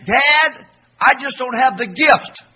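A man's voice: very high voice, animated, takes it slowly, sharp tone, voice pushed up, exaggerated voice. A man acting out his small young son pleading with his dad, in a childish, pleading voice. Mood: whiny.

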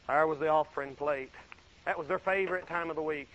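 A man preaching a folksy sermon, swinging from loud exclaiming to low murmured asides. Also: fairly even intonation, a little fast, muffled recording, slight background noise.

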